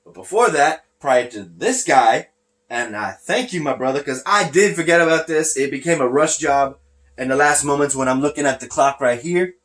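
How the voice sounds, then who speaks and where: A podcast host with a slightly high, fairly bright voice chats casually about a wrestling recap at a moderate, animated pace. Talking through a face mask, he rambles, loses his train of thought, and sounds a little short of breath.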